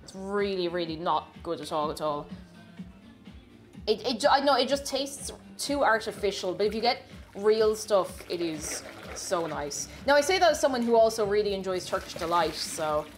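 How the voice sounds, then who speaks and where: A woman's voice: medium pitch, lively intonation, normal speed, soft background music. A woman chatting casually while she bakes in her home kitchen during a livestream, gushing about food and reading viewer comments aloud. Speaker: streamer.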